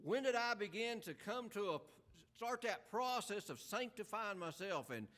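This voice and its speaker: A man's voice: high voice, lively intonation, normal speed, a bit bright. A man preaching a sermon in an earnest, emphatic way, full of rhetorical questions.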